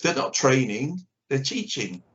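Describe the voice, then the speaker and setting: A man's voice: medium pitch, big pitch swings, unhurried, fairly bright tone. An older man, a karate teacher, speaking bluntly and with strong opinions as an interview guest on a video call. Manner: blunt and opinionated, acts out little exchanges. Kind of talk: candid conversation. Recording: dull lo-fi video call audio.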